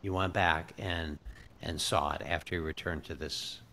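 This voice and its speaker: A man hosting an interview, speaking in a measured way and pausing to search for the right word. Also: a bass voice, fairly even intonation, sharp tone. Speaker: interview host. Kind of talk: conversational interview.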